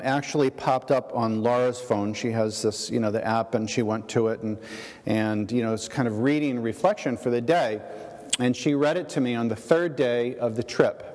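A man's voice: mid-range voice, a little mellow. Reflective man preaching in a reverberant hall. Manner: reflective, halting with many fillers and restarts. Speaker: pastor. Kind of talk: shared sermon.

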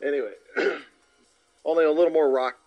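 A man's voice: fairly high pitch, steady tone, normal speed. A man co-hosting a podcast, rambling through details and correcting himself as he goes. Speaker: podcast co-host. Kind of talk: casual chat. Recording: dull lo-fi with faint music.

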